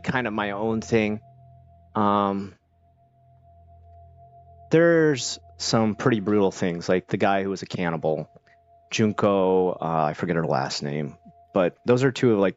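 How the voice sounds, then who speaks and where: A low-voiced man chats loosely while streaming a game, full of fillers and restarts as his thoughts wander. The audio is dull and lo-fi. Faint music plays underneath. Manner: rambling, many fillers and restarts. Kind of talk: casual live-stream chat while playing.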